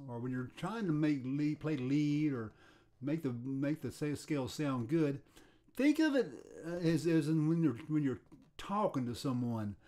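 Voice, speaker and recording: An older man giving a casual guitar lesson, talking in a relaxed, halting way and often repeating words as he restarts his sentences. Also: a little high. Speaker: guitar teacher. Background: faint guitar playing.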